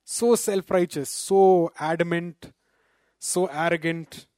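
A man delivers a sermon in a slightly high voice, recorded dry and close. He slows down to quote scripture and keeps checking in with his listeners through rhetorical "right?" asides. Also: fairly even intonation, a little mellow, no room sound. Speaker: preacher.

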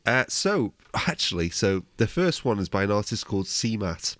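A man's voice: fairly low pitch, sing-song, normal speed, a bit bright, no room sound, studio quality. A man hosting a music podcast, leading casual chat with teasing, jokey banter. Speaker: podcast host.

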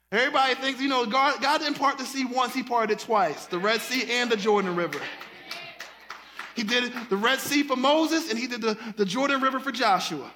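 A man's voice: extremely high pitch, a little fast, noisy background. A man preaching a sermon, casual and folksy, addressing the congregation as y'all and breaking into song. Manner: animated preaching, breaks into singing and shouting. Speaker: pastor.

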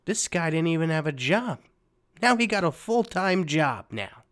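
Rambling New podcast host. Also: male voice, fairly high pitch, sing-song, moderate pace, fairly bright tone. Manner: rambling storyteller with fillers and a streetwise tough-guy delivery. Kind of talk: comedic podcast monologue.

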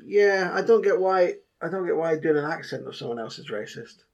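A man's voice: a little high, lively intonation, fairly quick, darkish tone, muffled recording. A young man co-hosting a podcast, joking bluntly and crudely and acting out the lines he quotes. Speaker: podcast co-host. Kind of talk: casual podcast banter.

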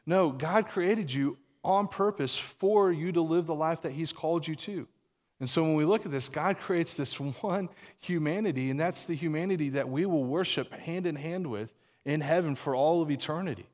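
A man's voice: on the high side, normal speed, darkish tone, long reverb tail. A man preaching a sermon in a conversational way, repeating words as he restarts and laughing now and then. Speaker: pastor.

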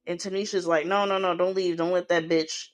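A woman's voice: lowish voice, steady tone, fairly quick. A woman hosting a podcast, casually recapping a reality show episode, swearing freely and acting out what the cast said.

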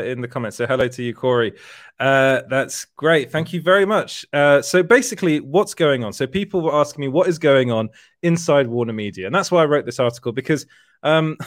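Chatting casually on a livestream, a man from Britain speaks at medium pitch in a dry, close recording with no echo. His talk rambles and self-corrects, with frequent restarts and plenty of laughter.

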